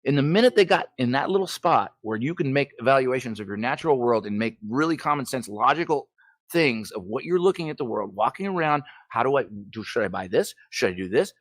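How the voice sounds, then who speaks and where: Man, caller, ranting, swears freely, dry close sound, middle pitch. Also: dry recording. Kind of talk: casual call-in chat.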